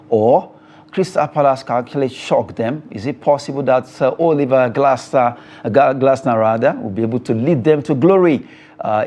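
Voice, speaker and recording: A man's voice: medium pitch, a little mellow. A Nigerian man presents a weekend sports phone-in show. He talks in a loose, chatty way, laughs along with his callers and leans on filler words while he thinks. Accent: Nigerian English.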